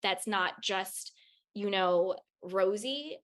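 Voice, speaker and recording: A woman's voice: mid-range voice, very slow, a bit bright. A woman talks as a podcast guest, sharing spiritual advice with raw candor. She swears freely and repeats phrases to drive her points home. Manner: emphatic, repeats phrases for stress. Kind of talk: candid spiritual advice in conversation.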